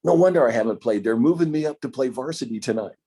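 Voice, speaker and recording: Old guy putting on an excited teenage boy, a bit higher, breathless and eager. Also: quick pace, husky.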